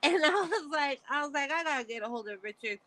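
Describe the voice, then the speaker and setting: Fast, bright, and forceful, this middle-aged woman's high, expressive voice comes through with no echo. A guest caller on a live stream, she chats casually over video, telling rambling stories with frequent laughter and loose swearing.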